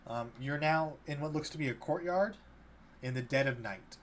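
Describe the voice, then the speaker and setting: A man's voice: on the high side, moderate pace, fairly bright tone. A man narrating a tabletop game as game master, loosely, with many fillers. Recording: faint background noise.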